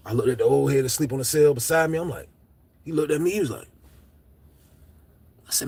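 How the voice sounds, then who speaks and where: A man telling a comedic story in casual, slangy talk, swinging from hushed to loud. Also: medium pitch, a little fast, vocal fry, long pauses, slightly rough.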